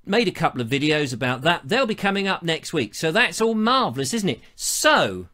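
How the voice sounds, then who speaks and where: Man, middle-aged, animated pitch, theatrical storyteller. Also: normal speed. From England. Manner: chatty, theatrical storytelling with playful asides. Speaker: show host. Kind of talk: casual live-stream chat.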